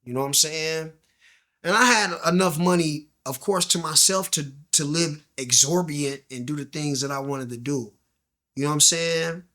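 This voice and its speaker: Guy telling his story, slangy, acts out the back-and-forth, kinda high bright voice, goes quiet and hushed when it gets heavy. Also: moderate pace. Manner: slangy, animated, acts out quoted dialogue. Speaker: guest. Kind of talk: candid storytelling interview.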